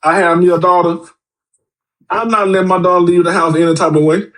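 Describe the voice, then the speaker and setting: A man with a fairly high voice, a guest on a podcast, talks bluntly and with plenty of swearing in casual chat. He tells his stories with energy and acts out the other people's voices. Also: brisk. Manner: blunt, profane, animated storytelling.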